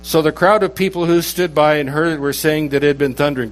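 A man's voice: fairly high pitch, fairly quick, hardly any pauses, a little hiss or hum, low-quality recording. A man preaching a conversational sermon, reading scripture aloud with rising emphasis. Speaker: pastor.

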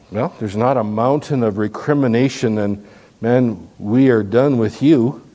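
A male pastor preaching a sermon in an animated, conversational, folksy way, with frequent restarts. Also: fairly high pitch.

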